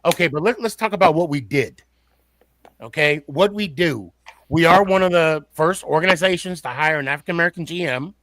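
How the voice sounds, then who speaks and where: A man's voice: fairly high pitch, brisk, a bit bright, dry recording. A man hosting a casual sports podcast, often repeating and restarting words as he builds his point.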